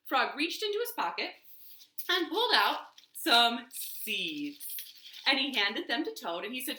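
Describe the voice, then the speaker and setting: A woman librarian reading a children's storytime at home, slow, sing-song and expressive. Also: high-pitched, slight background noise. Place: home living room. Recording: roomy living room.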